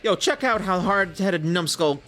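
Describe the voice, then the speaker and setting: A man's voice: sits high, expressive, a little slow, sharp tone, soft background music, voice pushed up, full character voice. A man voicing a brash young male street punk from a game, with swaggering, slangy taunts. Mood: taunting.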